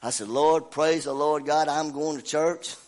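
A middle-aged preacher with a congested, slightly hoarse voice from a cold, pitched a touch high for a man. He preaches in a folksy, animated way, swinging between loud bursts and quiet asides, and chuckles at his own stories. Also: unhurried. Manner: folksy, animated, laughs at himself. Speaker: pastor. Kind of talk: sermon with personal story.

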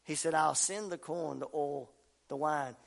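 A man preaching a fervent sermon, swinging between quiet talk and shouting. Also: a little high, a little slow, vocal fry. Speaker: pastor.

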